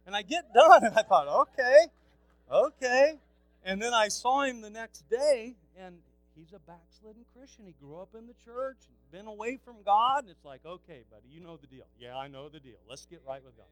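A middle-aged man preaching, telling stories in a hushed voice and then exhorting loudly. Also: high-pitched, lively intonation, brisk, few pauses, no room sound, rough recording. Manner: swings from hushed storytelling to loud exhortation. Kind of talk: sermon storytelling.

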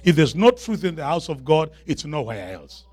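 A man's voice: a little high, big pitch swings, darkish tone, husky. A man with an African accent preaching a sermon in church, moving from chatty asides to rising, emphatic declarations and calls for the congregation to answer. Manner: builds to raised, emphatic declarations with call-and-response; quick asides with humor to the congregation. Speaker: guest preacher.

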